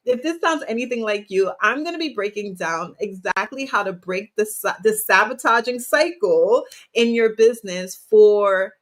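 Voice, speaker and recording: A woman's voice: medium pitch, expressive, moderate pace. A woman hosting her own podcast as a business coach, talking energetically to listeners in a motivational style and often asking them questions. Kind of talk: motivational solo podcast talk.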